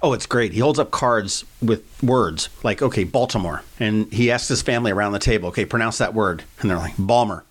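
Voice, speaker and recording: A man's voice: lowish voice, fairly quick, few pauses, breathy edge. A man co-hosting a podcast from a kitchen table, chatting casually, telling stories and laughing often. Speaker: podcast co-host. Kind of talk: casual banter.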